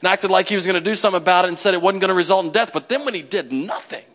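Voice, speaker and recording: A man preaching a sermon in a conversational, animated way, acting out the people in his stories. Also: high-pitched, rapid-fire. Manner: animated, conversational, acts out quotes. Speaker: pastor.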